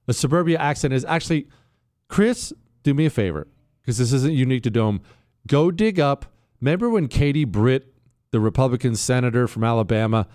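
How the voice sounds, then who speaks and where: A man's voice: medium pitch, dry recording. A man hosting a talk show, his voice leaping up and down as he mocks and riffs. He sounds dry and close to the mic, with no room around him. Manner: sarcastic, animated, riffs and mocks. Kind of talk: casual opinion talk show.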